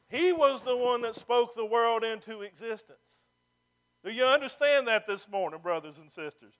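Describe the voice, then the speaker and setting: A man's voice: very high-pitched, animated, normal speed, a bit bright. A man preaching a sermon as pastor, building to emphatic calls and stretching out key phrases.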